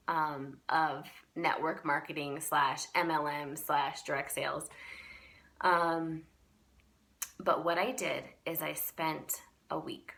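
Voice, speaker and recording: A woman telling a personal faith story in a vlog, animated and full of ums and laughs. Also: deep voice, unhurried. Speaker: vlogger.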